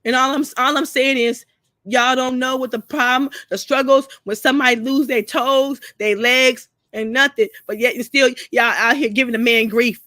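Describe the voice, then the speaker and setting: A woman's voice: high voice, steady tone, moderate pace, pushed and bright, dry recording, clean studio sound. A crying woman pouring out a profane, repetitive rant to her camera, speaking. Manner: tearful, repeating herself, profane. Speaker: vlogger. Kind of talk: emotional personal rant to camera.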